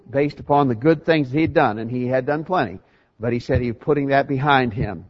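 An earnest male preacher gives a sermon with plenty of emphasis, often backing up to restart a phrase. His voice sits in a middle pitch. The recording is a little dull and lo-fi. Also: slightly rough.

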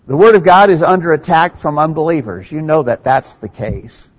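A man's voice: a little high, animated, moderate pace, slightly rough, highs cut off. A man preaching a sermon in an earnest, emphatic way, with conversational asides to the congregation.

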